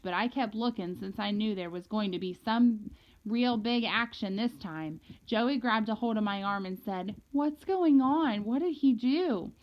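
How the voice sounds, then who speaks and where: A woman reads a novel aloud, speaking in the casual, lively voice of a young narrator. Her pitch sits in a middle range. The recording sounds dull and lo-fi. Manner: lively storytelling, a boy's casual voice. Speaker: audiobook reader. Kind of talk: first-person novel reading.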